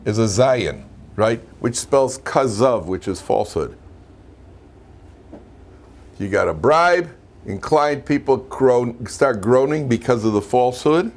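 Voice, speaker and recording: A man, a rabbi, teaching an informal Torah class in a lively way, often asking his students questions. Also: medium pitch, takes it slowly, pauses often. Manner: lively, asks the class questions, frequent "right?".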